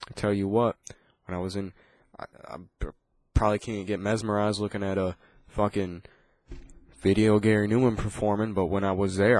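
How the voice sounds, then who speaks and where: A man's voice: deep voice, a little mellow, no echo. A man ranting casually, swearing constantly and rambling with frequent restarts. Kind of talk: casual profane rant.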